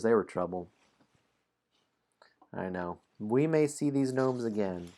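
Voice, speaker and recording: At a slow pace and in a lowish voice, a man hosts a dice-game stream and chats easily with viewers. He reads story passages aloud in a relaxed manner, with frequent chuckles between lines.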